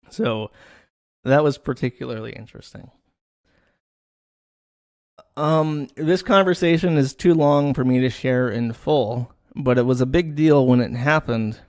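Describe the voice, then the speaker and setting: A man's voice: medium pitch, darkish tone, dry recording. Dry-sounding man with sardonic commentary. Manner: sardonic, dismissive asides; loose delivery with fillers and restarts. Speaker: online commentator. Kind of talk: casual commentary reading out messages.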